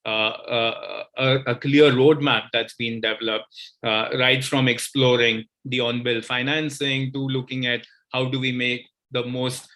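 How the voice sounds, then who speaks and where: Man, bright forceful voice, hesitant formal closing remarks. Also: mid-range voice, little pitch movement, measured pace. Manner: hesitant, many fillers and repeats. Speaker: conference speaker.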